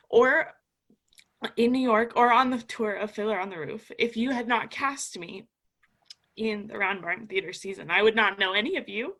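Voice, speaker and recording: A woman speaks on a video call, teary and emotional, laughing nervously between words. Her tone is bright and her pitch a little high for a woman. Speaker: panelist, musical theatre performer. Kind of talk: casual panel chat.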